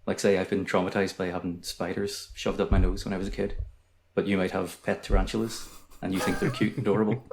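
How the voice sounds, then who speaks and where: A man with a Northern Irish accent, a podcast guest explaining his opinion in a calm, soothing voice. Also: low-pitched, fast talker, few pauses, slight background noise. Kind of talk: casual chat.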